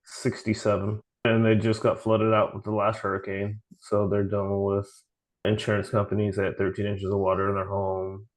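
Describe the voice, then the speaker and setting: A man's voice: lowish voice, completely flat delivery, normal speed, rough recording. A man hosting a podcast, chatting casually and telling a story, often quoting what others said and restarting his sentences. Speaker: podcast host. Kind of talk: casual chat.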